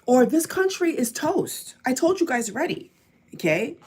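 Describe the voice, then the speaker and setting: A woman's voice: sits high, big pitch swings, normal speed, a little mellow, slightly rough. A woman from the United States vlogging an angry political rant to camera, hammering the same phrases again and again. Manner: heated, repeats phrases over and over.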